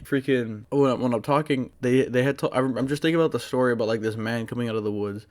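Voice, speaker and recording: A man telling a story to his channel in a casual, rambling way, full of fillers and excited restarts. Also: medium pitch, fast. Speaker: vlogger.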